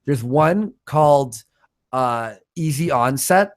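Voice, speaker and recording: A man hosting a livestream, reading out donations in blunt, swear-heavy casual chat, with a stutter and a voice roughened by smoking. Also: mid-range voice, lively intonation, slow. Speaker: livestream host.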